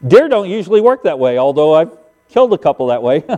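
Older male pastor, high-pitched and mellow, folksy sermon storyteller, church hall reverb. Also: very animated, fast, dull audio. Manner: folksy storytelling, emphatic sound effects. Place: church sanctuary.

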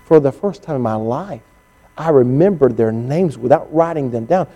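A male pastor preaching a sermon, telling stories and acting out what others said to him, often rising to an excited, strained pitch. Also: moderate pace, dull audio. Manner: storytelling preacher, climbing to high excited pitch when quoting others.

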